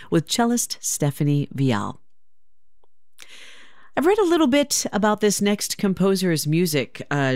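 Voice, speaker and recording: A classical radio announcer with a relaxed, conversational delivery and a voice that rises and falls freely. The sound is close and dry, as from a studio microphone. Small hesitations keep it easygoing rather than stiff. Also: medium pitch, no room sound.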